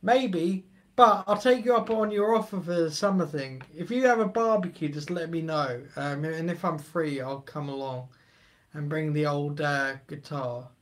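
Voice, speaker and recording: High-voiced man chatting on stream. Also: normal speed. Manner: chatty, joking, rambling, reading chat aloud. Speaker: live stream host. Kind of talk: casual live stream chat.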